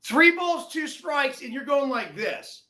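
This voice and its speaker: Male co-host, blunt and casual, very high bright voice, echoey room. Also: very animated, slow. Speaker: co-host, former ballplayer. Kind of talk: casual baseball chat.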